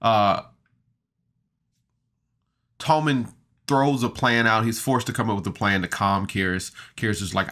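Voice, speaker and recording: A man's voice: fairly low pitch, unhurried, pauses often, a bit bright. A man casually recapping a tabletop game episode on a podcast, chatty and enthusiastic, with laughs and fillers. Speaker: podcast reviewer.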